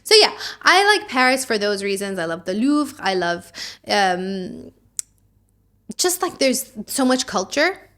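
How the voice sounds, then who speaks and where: A woman's voice: medium pitch, very animated, measured pace, bright, forceful tone. A woman hosting a casual podcast, sassy and opinionated, rambling with lots of "like"s. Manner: puts on a mock French accent. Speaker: podcast host.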